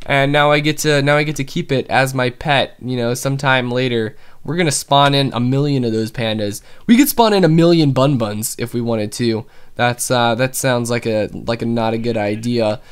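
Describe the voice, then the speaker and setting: A young gaming host talks through his play session in a loose, rambling way. His voice is smooth and clean, at an everyday pitch for a man, and he gets excited easily. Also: normal speed, hardly any pauses. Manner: excitable, chatty, with frequent fillers. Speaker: gaming YouTuber. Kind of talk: casual gameplay commentary.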